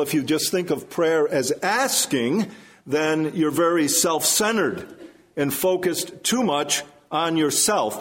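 A man preaching from the pulpit, his voice sitting a little higher than most. He teaches in an even, measured way and slows right down when he quotes scripture. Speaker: pastor. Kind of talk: sermon.

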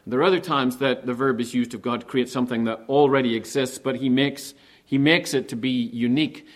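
A man preaching a sermon with animated delivery, asking rhetorical questions and slowing down to stress key words. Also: mid-range voice. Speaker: pastor.

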